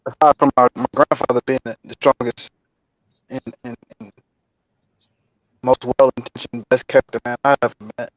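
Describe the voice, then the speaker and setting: A man calling in to a live stream who talks slowly and reflectively, leaning on fillers and restarts. His voice comes through a dull, muffled call line with a dry sound. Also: medium pitch, little pitch movement, no room sound, faint music behind. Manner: halting, many fillers, reflective. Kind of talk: casual call-in chat.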